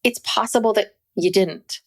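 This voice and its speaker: A woman's voice: medium pitch, moderate pace. A woman co-hosting a podcast, talking in a chatty, loose way with many restarts. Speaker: podcast co-host. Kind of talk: casual chat.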